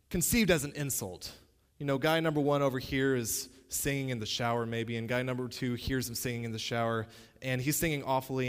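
A man's voice: mid-range voice, in a large hall. A man giving a spoken lesson, playful and direct, talking straight to the listener. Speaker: teacher.

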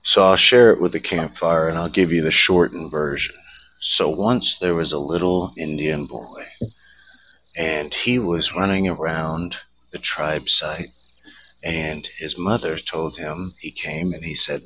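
Low-voiced guy spinning a campfire yarn, bright tone, crickets around. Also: steady tone, measured pace, a little hiss or hum, low-quality recording. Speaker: host. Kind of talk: campfire storytelling chat.

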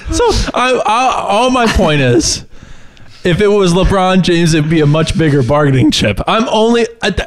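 A man's voice: sits high, lively intonation, normal speed. A man co-hosting a comedy podcast, rambling and riffing in casual chat, often tripping over his words. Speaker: podcast co-host.

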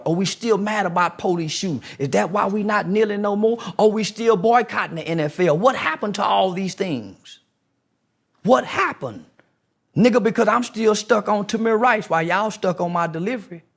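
A man with a notably high voice full of gravel and fry. He argues like a street preacher, confrontational and insistent, repeating the same rhetorical questions to drive his point home. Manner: mocking impressions in a raised voice. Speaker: guest. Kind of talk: heated podcast interview.

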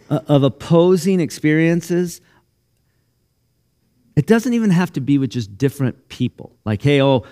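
A man's voice: medium pitch, darkish tone, clean tone. A man pastor giving a sermon in a church in an easygoing, conversational way, often restarting phrases and growing emotional. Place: church sanctuary.

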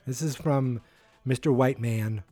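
Rambling man with a mellow, husky voice. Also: medium pitch, unhurried, no room sound, soft background music. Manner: rambling, self-correcting, thinking aloud. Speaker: wrestling podcast host. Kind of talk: casual solo predictions chat.

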